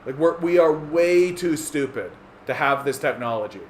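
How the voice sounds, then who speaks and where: A man's voice: animated, normal speed. Profane, ranting man in an echoey room. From Canada. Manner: profane, sarcastic, mocks opponents in squeaky voices. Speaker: political livestream host. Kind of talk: ranting monologue. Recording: echoey room with faint ambient noise.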